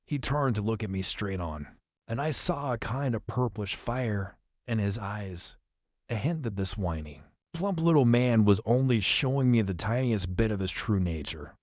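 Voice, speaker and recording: A man narrating an audiobook in a steady, even storytelling manner. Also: on the low side, no room sound, clean studio sound. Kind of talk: audiobook reading.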